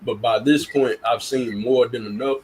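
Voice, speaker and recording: A man's voice: medium pitch, fairly even intonation, normal speed, a little mellow, a little hiss or hum, rough recording. A man speaking bluntly and earnestly in casual live-stream chat, often restarting and repeating words.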